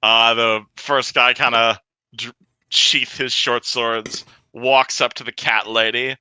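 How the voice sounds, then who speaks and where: A man's voice: mid-range voice, flat delivery, slow, sharp tone, clear, resonant tone, no room sound, low-quality recording. A man narrating a tabletop game as game master, rambling with fillers and restarts.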